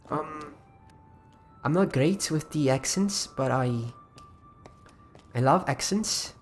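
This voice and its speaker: A man's voice: medium pitch, slow, faint music behind. A man hosting a casual livestream, chatting loosely with frequent restarts while walking viewers through his creation. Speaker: livestream host.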